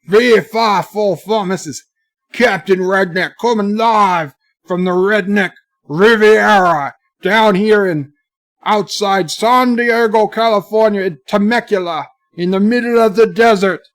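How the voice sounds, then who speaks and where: A man voicing a boastful redneck character, slow and loud with a drawl. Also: sits high, pitched above the performer's own voice.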